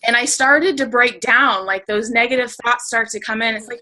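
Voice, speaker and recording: A woman's voice: fairly high pitch, fairly even intonation, normal speed, sharp tone, low-quality recording. A woman telling a story on a group video call, chatty and emotional, with lots of "like" and fillers. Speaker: team member sharing a story on a group call. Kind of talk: casual storytelling.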